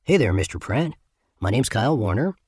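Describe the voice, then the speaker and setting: A man voicing his narrator putting on a clear, friendly reporter's voice with a slight Midwest twang. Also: mid-range voice, big pitch swings, brisk, darkish tone, dry recording, clean studio sound. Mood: cheerful.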